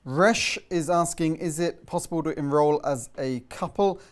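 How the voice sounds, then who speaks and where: A co-host on a live webinar, reading out viewers' questions in a brisk, matter-of-fact way. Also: mid-range voice. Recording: distant from the mic.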